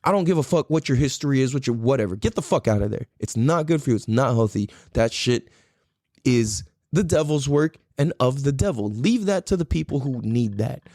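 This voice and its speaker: Fired-up man ranting with lively pitch. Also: fairly quick, no echo, clean studio sound. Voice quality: profane, blunt, repetitive emphatic phrasing. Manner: lectures the listener with commands and rhetorical questions. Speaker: podcast host. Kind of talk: heated solo rant.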